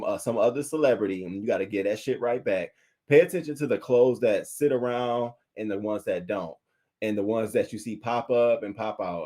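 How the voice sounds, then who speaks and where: In a loose, cursing review of a reality show, a man responds to comments from viewers with lots of energy. When he imitates the lines he would have said, his voice goes higher and louder.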